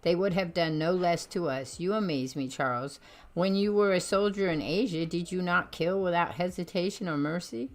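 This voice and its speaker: A woman voicing a calm, resolute male mutant leader in a comic reading, measured and matter-of-fact. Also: on the low side, lightly acted.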